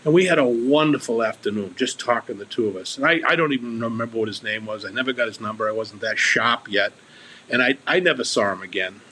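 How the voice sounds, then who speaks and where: A man's voice: medium pitch, fast talker, pushed and bright, slight background noise, rough recording. A man speaking as a guest on a recovery podcast, earnest and candid, often restarting and repeating his words.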